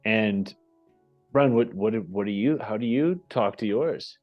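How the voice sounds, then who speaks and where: A man hosting a casual group call, energetic and animated, often checking in with "right?", heard over muffled lo-fi call audio. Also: fairly low pitch, unhurried, soft background music. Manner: energetic and animated, with many restarts and "right?" tags. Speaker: host of the goal call.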